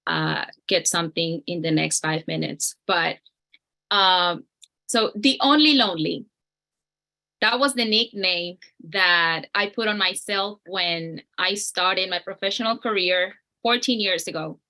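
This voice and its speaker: A woman's voice: on the low side, a little slow, bright, forceful tone. A woman speaker beginning a short personal story talk, friendly with a few hesitant fillers.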